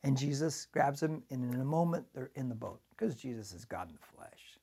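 Husky, animated male pastor preaching. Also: medium pitch, normal speed. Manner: dramatic storytelling, swinging from loud to hushed. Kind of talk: sermon.

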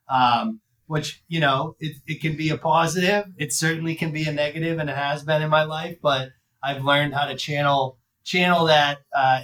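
Intense blunt guy from the boston area, guest on a podcast, mid-pitched voice. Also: sharp tone, rough recording. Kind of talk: casual interview chat.

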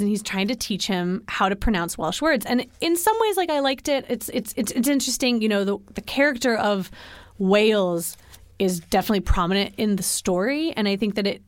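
A woman's voice: medium pitch, no room sound, clean studio sound. A woman co-hosting a podcast, talking about a book in a chatty, critical way with lots of fillers. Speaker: podcast co-host. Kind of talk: casual book discussion.

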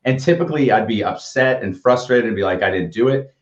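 With an expressive, medium-pitched voice, he talks fairly quickly while sharing upbeat motivational stories. The man is in his fifties and co-hosts a casual livestream chat heard through echoey, dull lo-fi audio.

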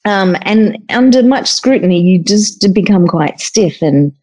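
Warm-voiced woman telling stories. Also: mid-range voice, unhurried, low-quality recording. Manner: chatty, expressive storyteller. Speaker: guest cook and author. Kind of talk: casual podcast chat over video call. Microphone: video call.

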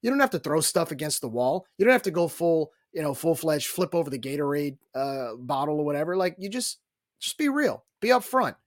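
A man co-hosting a casual postgame podcast, telling a story in an animated way. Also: on the high side, fairly quick, no room sound, clean studio sound.

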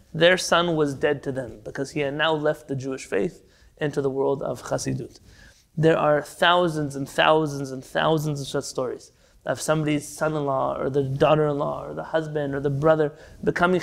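A man teaching an online class over a video call, telling stories in an animated way. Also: a little high, creaky. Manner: animated storyteller, some restarts. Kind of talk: online class, storytelling lecture.

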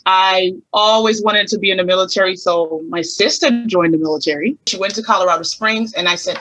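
Woman from st thomas, caribbean accent, bright slightly husky voice, tells stories with lots of life. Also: medium pitch, normal speed, muffled recording. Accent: Virgin Islands Caribbean. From St. Thomas, U.S. Virgin Islands. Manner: animated storyteller acting out quoted questions. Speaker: guest. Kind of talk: conversational interview.

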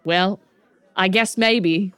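A woman's voice: mid-range voice, extremely slow, fairly bright tone, clear, resonant tone, no room sound. A woman acting as game master, narrating a tabletop game in a laid-back way with frequent chuckles.

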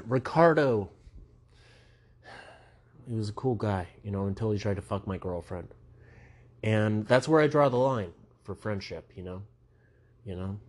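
Young male comic, slow deliberate delivery, low voice, meandering self-deprecating asides. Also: a little mellow. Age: young adult. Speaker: stand-up comedian. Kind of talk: rambling stand-up monologue.

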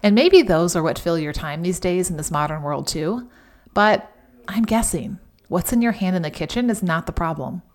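A middle-aged woman with a fairly low voice talks through a devotional podcast episode. She is chatty and emphatic, and now and then bursts into animated asides. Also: normal speed. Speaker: podcast host.

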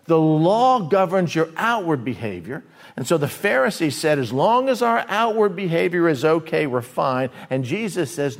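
A middle-aged man delivers a sermon in a casual, conversational way. His voice sits somewhat high and moves a lot in pitch, from hushed low asides to loud, raised lines. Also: big pitch swings, unhurried, creaky. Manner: conversational, acts out quoted voices, swings between loud and hushed. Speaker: pastor.

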